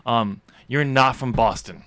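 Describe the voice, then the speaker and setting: A man hosting a podcast in a teasing, sarcastic tone, with lots of ums and hesitations. His voice sits in a middle pitch, and the recording is dry and close. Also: a little slow, a bit bright, no echo. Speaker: podcast host and author. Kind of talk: casual banter.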